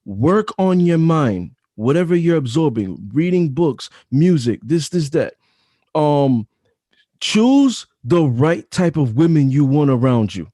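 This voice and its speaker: A man's voice: a little high, lively intonation, slow pace, mellow, no echo, studio quality. A man in his thirties, a podcast guest talking casually, with emphatic, repetitive advice-giving. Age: 30s. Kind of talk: casual chat.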